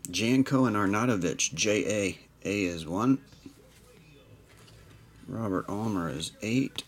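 A man's voice: lowish voice, animated. A man hosting a live trading card break, reading out players and numbers with dry asides. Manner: unhurried, reads off card numbers with dry jokes.

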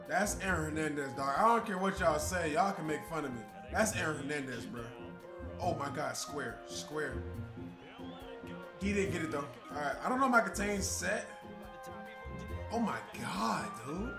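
A young man, excitable and foul-mouthed, swinging between yelling and muttering. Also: high voice. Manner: excitable, swears, trash talk. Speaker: gaming YouTuber. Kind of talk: casual gameplay commentary. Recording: roomy echo with loud game music.

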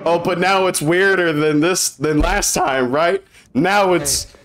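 A young man giving excitable, profane reaction commentary on a game trailer, often incredulous. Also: fairly high pitch, slow.

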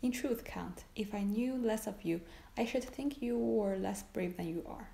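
A woman's voice: mid-range voice, a little slow, vocal fry, dark tone, roomy sound. A woman voicing an earnest, anxious young soldier, reading his lines in a pleading way.

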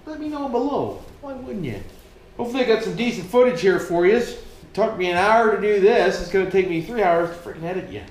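High, animated, and fairly quick, this Canadian man's voice bounces around an echoey room as he works. He vlogs casually, joking, swearing, and speaking to his viewers as "boys."

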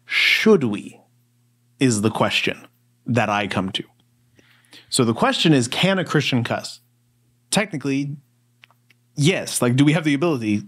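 A man's voice: medium pitch, unhurried, long pauses, breathy edge. A man co-hosting a Bible study podcast, talking in a casual, rambling way with lots of fillers. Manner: relaxed, rambling storyteller with many fillers. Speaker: podcast co-host.

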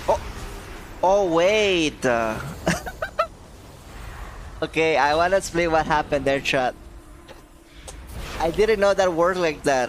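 A man's voice: on the high side, slight background noise. A man streaming gameplay, surprised and explaining aloud to his chat. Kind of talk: live gameplay commentary to chat.

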